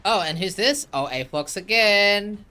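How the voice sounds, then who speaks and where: A relaxed man giving casual game commentary as a co-caster, teasing his partner. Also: sits high, unhurried.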